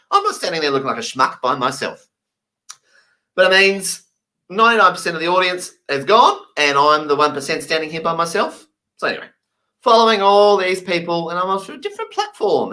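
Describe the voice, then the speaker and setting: Male stand-up, animated storyteller, bright, lively pitch. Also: brisk, poor audio. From England. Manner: animated, acts out voices in his anecdotes. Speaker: stand-up comedian.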